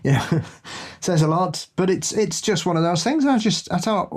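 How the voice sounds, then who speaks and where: A man's voice: sits high, lively intonation, normal speed, slight background noise. A man from England co-hosting a podcast, bantering casually and laughing a lot. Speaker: podcast co-host. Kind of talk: casual chat.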